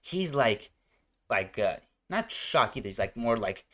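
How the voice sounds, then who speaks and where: A man's voice: medium pitch, big pitch swings, normal speed, sharp tone. Rambling young man reacting to a video. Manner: rambling, full of "like" and "you know". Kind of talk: casual reaction commentary.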